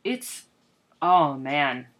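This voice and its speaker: A woman's voice: deep voice, lively intonation, drawn-out words, fairly bright tone. A woman co-hosting a podcast, chiming in with short remarks in casual talk. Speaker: podcast co-host.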